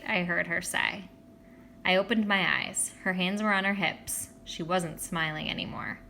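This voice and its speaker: Female reader, bright forceful tone, expressive storybook narration that voices every character. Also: fairly low pitch, normal speed, gravelly. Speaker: audiobook reader. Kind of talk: reading a children's novel aloud.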